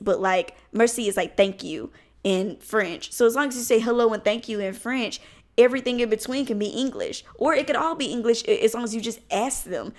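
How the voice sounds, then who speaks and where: Young woman vlogging, blunt and unfiltered, swears a lot, rambles all over the place. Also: mid-range voice. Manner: candid, blunt, swears freely, rambling with restarts. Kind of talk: casual talking-head vlog.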